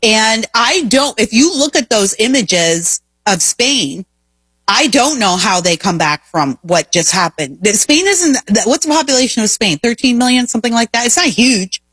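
Woman talk show host, husky, fairly high voice, emphatic, opinionated, rhetorical questions. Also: animated, normal speed, fairly bright tone, no room sound. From Indiana, US. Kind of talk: opinionated talk radio monologue.

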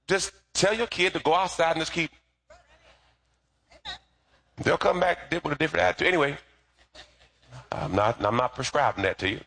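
A man preaching a sermon, lively and joking, telling stories and asking the congregation to repeat after him. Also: on the high side, moderate pace, vocal fry, pauses often. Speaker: pastor.

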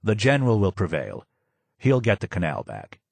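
Guy reading a kind old writer, soft and polite, dry close sound. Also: fairly low pitch, wildly swooping pitch, normal speed, vocal fry, no echo, voice pushed down, full character voice.

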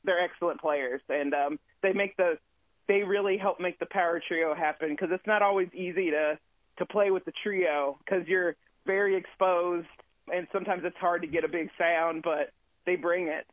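This male touring musician's pitch is high and his intonation fairly even, moving at a moderate pace with no room sound. He's a friendly, rambling phone interview guest who leans on lots of fillers, heard through a thin, dry line.

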